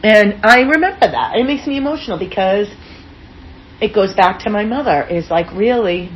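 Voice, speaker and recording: A woman speaking as an interview guest, telling personal stories in a frank, expressive way with casual swearing. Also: mid-range voice, moderate pace, dull audio, slight background noise. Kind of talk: candid personal storytelling in an interview.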